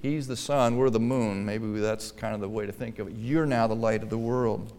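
A man pastor preaching a sermon in a church, emphatic, dropping to quiet asides and then pressing hard on key lines. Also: fairly low pitch, steady tone, moderate pace, big-room sound.

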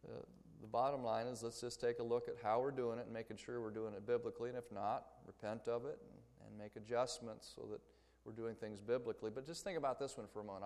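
A man in a middle-range voice teaches a Bible lesson in a relaxed, conversational way, using small stories to make his points. His words carry a long reverb, as in a large hall. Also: mid-range voice, quick pace. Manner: conversational, explains with story examples. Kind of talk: church lecture.

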